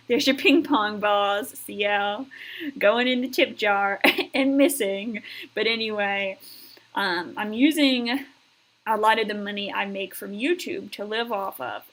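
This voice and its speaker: A woman's voice: mid-range voice, fairly bright tone, rough recording. An American woman hosting a live stream, chatting in a heartfelt way with lots of fillers, thanking viewers and reading the chat aloud. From United States.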